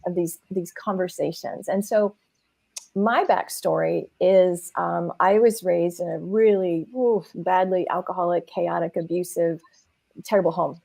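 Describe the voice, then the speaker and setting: A woman's voice: fairly low pitch, steady tone, measured pace, gravelly, mellow, dry recording. A middle-aged woman from Arizona, a counselor co-hosting a casual chat, who talks in a chatty way and often repeats and restarts her words. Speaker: guest co-host, counselor.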